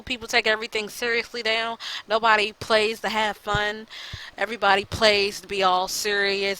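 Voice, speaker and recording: A woman's voice: medium pitch, little pitch movement, normal speed, bright, forceful tone, clean tone, rough recording. A frustrated woman vlogging a blunt, profane rant to her followers about quitting, talking casually with lots of fillers. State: upset and fed up. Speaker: gaming YouTuber.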